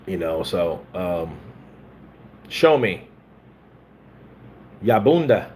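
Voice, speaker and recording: A man's voice: fairly low pitch, lively intonation, slow pace, long pauses, fairly bright tone, a little hiss or hum. A man from the American South, a stunt performer, chatting casually and telling profane, rambling stories. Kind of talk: casual chat.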